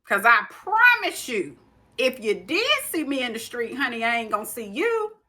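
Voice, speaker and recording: A woman's voice: a little high, very animated, moderate pace, sharp tone. A woman co-hosting a podcast, telling stories in emphatic casual chat. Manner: emphatic, storytelling. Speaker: podcast co-host.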